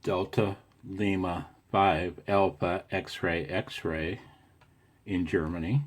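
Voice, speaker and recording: A man's voice: low-pitched, fairly even intonation, takes it slowly, husky. A man doing a casual ham radio vlog, reading out call signs with a self-amused, chatty manner. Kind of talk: casual contest recap vlog.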